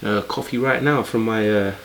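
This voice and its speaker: A man's voice: on the low side, fairly even intonation, normal speed, slight background noise, low-quality recording. A man with a London accent, chatting casually and colloquially as he reacts to a video. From London, England.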